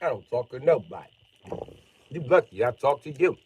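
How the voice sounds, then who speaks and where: A man's voice: mid-range voice, lively intonation, normal speed, breathy edge. A man ranting casually and profanely on a livestream, reacting to his chat. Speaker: live streamer.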